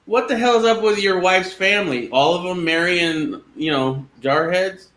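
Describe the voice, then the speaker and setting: A man's voice: high voice, normal speed, a bit bright. A man in casual chat, bantering and joking easily with a friend.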